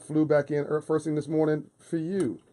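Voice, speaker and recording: A man appears as a guest in a radio studio, chatting in a casual interview with a passionate, emphatic, preaching cadence and repeating phrases for force. His voice is on the high side, with a level, dark tone at a moderate pace.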